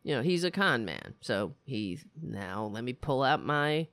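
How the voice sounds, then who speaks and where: A woman's voice: extremely low pitch, sing-song, measured pace, a bit bright, dry recording. Rambling, profane woman podcast host. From New York. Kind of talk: casual ranting commentary.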